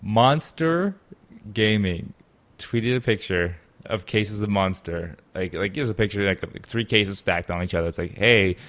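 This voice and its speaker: Man, podcast host, very deep voice, rambling, lots of fillers. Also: moderate pace, fairly bright tone. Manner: rambling, many fillers and restarts. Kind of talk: casual podcast chat.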